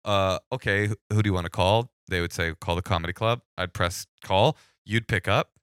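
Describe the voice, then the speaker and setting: A man tells a story on a podcast and keeps jumping into the voices of the people in it. His voice is bright, forceful and crisp. The sound is dry, as if right up against the mic. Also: low-pitched, moderate pace, no echo. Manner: animated storyteller acting out both sides of calls. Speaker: podcast guest. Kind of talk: storytelling in casual chat.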